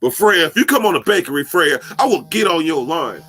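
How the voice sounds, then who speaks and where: Profane, animated man chatting on a live stream. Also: fairly high pitch, fairly quick, breathy edge. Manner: profane, animated storytelling, laughs often. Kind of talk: casual live stream chat.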